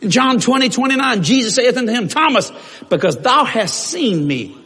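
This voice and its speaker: A man preaching a storytelling sermon, animated, moving between quiet low narration and shouted exclamations. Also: moderate pace, husky. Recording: long reverb of a large hall.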